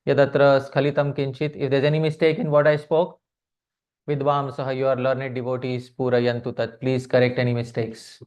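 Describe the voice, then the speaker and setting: A man's voice: medium pitch, flat delivery, darkish tone, smooth. Man teaching a devotional scripture class. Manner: keeps addressing the audience as dear devotees, asks them questions; chants verses slowly, then translates. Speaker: speaker giving a scripture class. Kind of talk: devotional lecture on poetry. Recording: slightly muffled recording.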